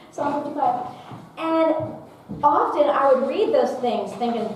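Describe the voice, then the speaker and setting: A high-voiced woman leads a youth workshop, joking and acting out the quotes she reads. She sounds distant from the mic, and her voice booms around a very echoey hall over a faint hiss. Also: very animated, normal speed, darkish tone. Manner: playful, humorous, reads quotes with dramatic flair. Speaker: workshop speaker. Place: large echoing meeting room.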